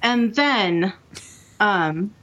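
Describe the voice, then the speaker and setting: A woman's voice: mid-range voice, expressive, extremely slow, fairly bright tone, muffled recording. Chatty woman co-hosting a gaming show. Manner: chatty, enthusiastic, laughs easily. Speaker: podcast co-host. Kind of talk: casual gaming chat. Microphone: remote call mic.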